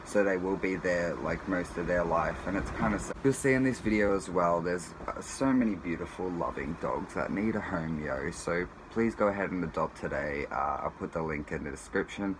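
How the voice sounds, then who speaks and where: Deep-voiced man, casual vlog. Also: moderate pace, few pauses. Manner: relaxed, slangy, with fillers. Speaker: vlogger. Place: animal shelter. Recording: noisy shelter recording with barking dogs. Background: dogs barking.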